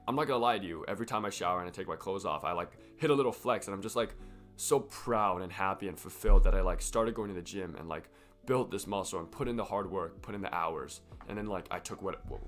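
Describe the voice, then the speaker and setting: A young man with a croaky, sick voice, rambling casually and profanely to camera in a fitness vlog. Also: low voice, fast, a bit bright, faint music behind. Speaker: fitness vlogger.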